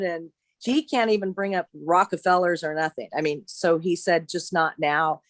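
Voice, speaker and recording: Lady rambling thru a story, lots of restarts, lowish voice, dry sound. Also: fairly even intonation, no room sound. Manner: halting, many restarts, retells quotes. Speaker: caller sharing a story.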